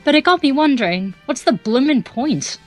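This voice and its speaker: A woman voicing a chirpy Welsh circus performer from a puzzle game, in a lively Welsh accent. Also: high-pitched, moderate pace, faint music behind.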